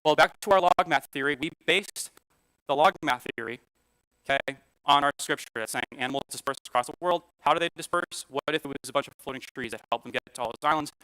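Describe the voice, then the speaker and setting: Bright, crisp-voiced man teaching a class. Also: on the high side, fast, no echo, poor audio. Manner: conversational, frequent "all right?" and "okay?" checks. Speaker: Sunday school teacher. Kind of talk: church class lecture with slides. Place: church classroom.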